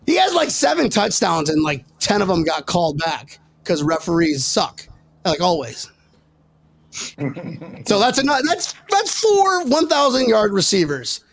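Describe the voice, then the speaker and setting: A young man hosting a sports podcast, excitable and joking as he argues his picks and talks over the others. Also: sits high, unhurried. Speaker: podcast host. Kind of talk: casual sports banter.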